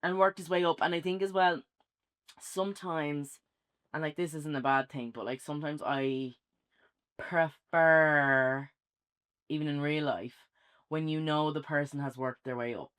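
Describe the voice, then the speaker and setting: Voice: mid-range voice, fairly even intonation, a little slow, a bit bright, smooth. An Irish speaker co-hosting a casual film review, chatty and rambling with many fillers.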